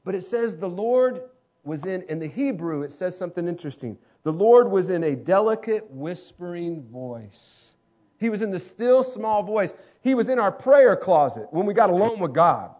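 A man preaching a sermon, dramatic, acting out voices and swinging between loud calls and hushed lines. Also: high-pitched, lively intonation, moderate pace. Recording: dull lo-fi sound.

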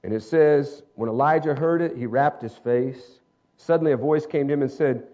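A man preaching a sermon, dramatic, acting out voices and swinging between loud calls and hushed lines. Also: fairly high pitch, fairly quick. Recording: dull lo-fi sound.

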